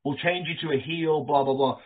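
Male interview guest, lively raconteur who plays out every quote; slightly high pitch, thin phone-line audio. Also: brisk. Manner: animated storyteller, acts out quoted dialogue, swears casually. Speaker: interview guest, former pro wrestler. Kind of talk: casual storytelling interview.

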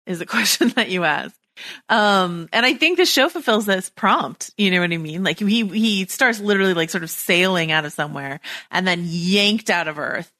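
Low-pitched female host with a dry sound, eager and chatty. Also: expressive, normal speed, sharp tone, no echo. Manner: eager, chatty, many fillers. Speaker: podcast host. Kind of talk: casual podcast interview.

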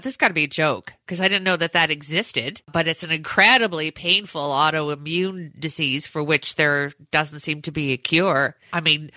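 A woman's voice: lowish voice, bright, forceful tone, dry recording. A woman hosting a podcast, asking chatty, rambling questions in a casual interview. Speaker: podcast host.

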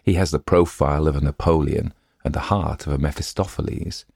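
A man's voice: extremely low pitch, steady tone, brisk, vocal fry, a little mellow, husky, dry recording, clean studio sound, exaggerated voice. A man reading a story aloud and voicing a young male officer with a teasing manner.

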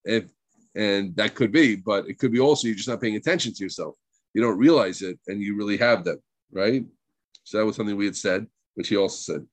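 A man's voice: fairly low pitch, fairly quick, no echo. A middle-aged man with a New Jersey accent giving a conversational religious class. He mixes Hebrew terms into his English and keeps checking in with "right?". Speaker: Torah teacher.

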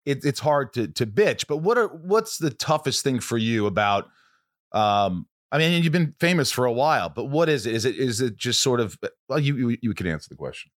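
A man's voice: medium pitch, big pitch swings, normal speed, dry recording, studio quality. A man hosting a casual interview, asking long, rambling questions with self-deprecating asides. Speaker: interviewer host.

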